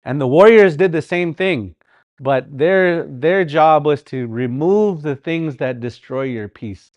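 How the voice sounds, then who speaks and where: Guy teaching a language class live, slow and easygoing, a bit high voice, keeps repeating words and asking the class stuff. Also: a little mellow. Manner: slow, repetitive, with sounded-out words and rhetorical questions.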